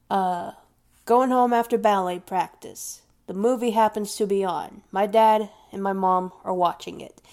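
A woman rambling casually at her own unhurried pace, gushing about what she loves. Her voice sits in a middle register, and now and then she trails off into a whisper. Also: medium pitch, a little mellow.

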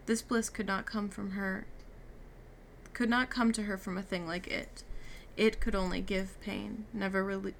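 A woman's voice: mid-range voice, fairly even intonation, normal speed, gravelly, a little hiss or hum. A woman reading a novel aloud, giving the characters' lines light shifts. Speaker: reader. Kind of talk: audiobook reading with character dialogue.

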